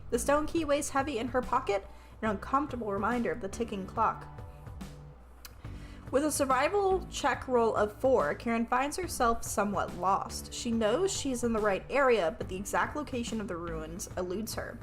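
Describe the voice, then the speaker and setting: With soft music in the background, a woman streamer reads aloud the narration of her AI-game-master tabletop game, swearing freely, laughing, and checking her pronunciation. Her slightly high voice is expressive and moves at normal speed.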